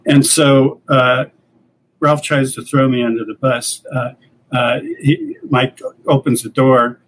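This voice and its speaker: An older man, a comics creator and editor, telling relaxed anecdotes as a guest in a casual interview. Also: medium pitch, takes it slowly, low-quality recording. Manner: relaxed anecdotal, acts out quoted dialogue.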